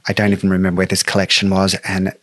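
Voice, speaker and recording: Low-voiced storytelling man from Australia. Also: rapid-fire, dry recording. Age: middle-aged. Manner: animated, emotional storyteller who acts out quotes. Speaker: make-up artist guest. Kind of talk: storytelling interview chat.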